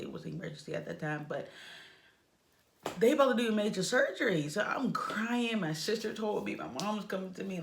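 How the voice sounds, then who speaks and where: A young woman telling a personal story in a casual, emotional way, with big swings in her voice. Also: slight background noise. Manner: animated, emotional retelling with lively pitch swings. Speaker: vlogger telling a birth story.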